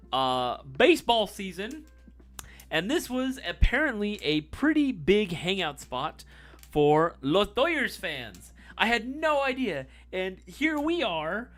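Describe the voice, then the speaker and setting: A young man hosting a live stream, telling a long story casually with lots of swearing and sudden swings from loud to low. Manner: animated, profane, swings between loud and low.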